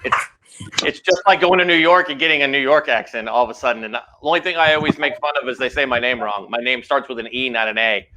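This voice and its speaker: A man's voice: mid-range voice, fast talker. Easygoing male host on a noisy call. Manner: easygoing, joking, a bit rambling. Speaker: show host. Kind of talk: casual online show hosting. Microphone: video call microphone.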